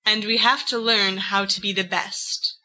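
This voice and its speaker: A woman's voice: mid-range voice, fairly even intonation, measured pace, sharp tone, rough recording. A woman voicing a brash, cocky eighteen-year-old young man who tells his story in a boastful, rambling way. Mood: recounting.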